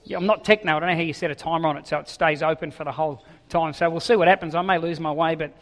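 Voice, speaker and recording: A man with a high, bright voice preaches in a casual, joking way, tripping over his words and repeating them as he goes. His voice rings out with a long hall reverb around it. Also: steady tone, rapid-fire. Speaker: pastor. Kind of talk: sermon with jokes.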